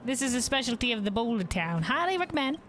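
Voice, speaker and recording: A woman's voice: fairly high pitch, big pitch swings, fast, a bit bright, faint music behind, pitched above the performer's own voice. A woman streamer voicing a cheerful young woman who cooks at a hotel, reading game dialogue aloud in an eager, hospitable way. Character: cheerful young woman hotel cook, proud of her dishes.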